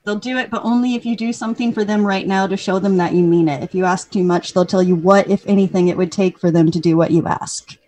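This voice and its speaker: A woman's voice: mid-range voice, steady tone, quick pace, hardly any pauses, mellow. A woman playing a tabletop role-playing game from home, speaking in character in a blunt, pushy way. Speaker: player.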